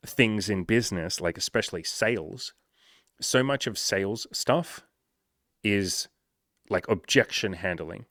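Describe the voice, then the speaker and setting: A man's voice: on the low side, a bit bright, dry recording, studio quality. A man coaching on dating and sales in a blunt, casual, profane monologue.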